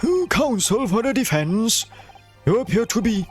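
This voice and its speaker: A man voicing a stern elderly male British judge who makes pompous, booming declarations. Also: sing-song, a little slow, soft background music, full character voice. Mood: condescending.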